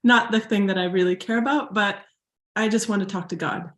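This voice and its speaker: A woman's voice: mid-range voice, fairly even intonation, brisk, a bit bright, slight background noise. A woman from the United States, a guest telling her personal story in an interview, earnest and close to tears at times. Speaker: guest, spiritual teacher and healer. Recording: roomy echo.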